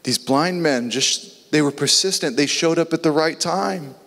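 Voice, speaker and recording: An earnest male preacher delivers a sermon in a somewhat high voice. His words ring with a long reverb, as if spoken in a large hall. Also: a little slow, a bit bright. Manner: earnest, acts out biblical dialogue in voices.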